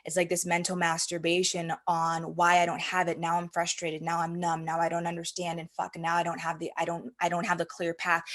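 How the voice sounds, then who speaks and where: A woman speaking as a spiritual coach in a casual monologue, animated, with frequent swearing and fillers. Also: on the low side. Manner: animated, acts out inner voices.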